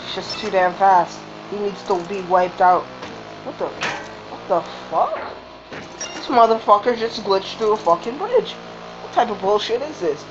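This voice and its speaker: Woman gamer, swearing, excitable commentary, unhurried delivery, muffled audio. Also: medium pitch, noisy background. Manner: profane, excitable, swearing at the game. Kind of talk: game commentary. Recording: dull lo-fi recording with game music.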